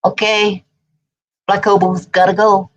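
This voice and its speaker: A woman's voice: medium pitch, little pitch movement, a little slow, dull audio. A woman co-hosting a casual livestream, chatting playfully and telling anecdotes. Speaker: livestream co-host.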